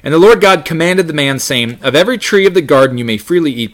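A man's voice: mid-range voice, lively intonation, quick pace, hardly any pauses, fairly bright tone. A man teaching a Bible study lesson, reading scripture aloud and talking it through with many restarts. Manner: reads scripture aloud, frequent restarts and fillers.

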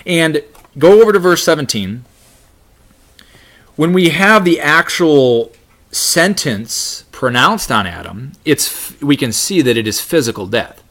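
A man's voice: fairly high pitch, lively intonation, unhurried, a bit bright. A man teaching a Bible study lesson, reading scripture aloud and talking it through with many restarts. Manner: reads scripture aloud, frequent restarts and fillers.

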